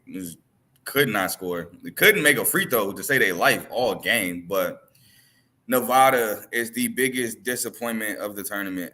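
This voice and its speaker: A man's voice: lowish voice, pushed and bright. A man co-hosting a sports podcast, breaking down games casually with emphatic rhetorical questions. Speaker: podcast co-host.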